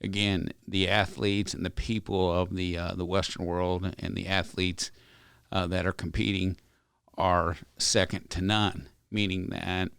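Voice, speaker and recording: A man's voice: low-pitched, level tone, measured pace, creaky, a bit bright, clear, resonant tone, no room sound, studio quality. A man being interviewed on a podcast, telling stories in a folksy, earnest, rambling way. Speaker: ranch company owner, podcast guest. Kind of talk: casual interview storytelling.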